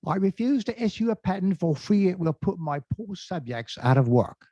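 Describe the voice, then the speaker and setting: A regal old queen speaks in a lofty, pitched-up British accent, as a man puts her on with a self-mocking tone. The voice is dark and muffled, carried over a dull, lo-fi call line with a dry sound. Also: sing-song, normal speed, no room sound. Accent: put-on British. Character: old queen, stately English monarch, woman.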